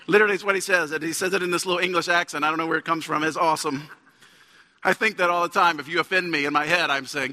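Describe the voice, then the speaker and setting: A man's voice: high voice, fast, pushed and bright. A man in his thirties preaching a conversational sermon as a pastor, building up to emphatic peaks. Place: church sanctuary. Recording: long church hall reverb.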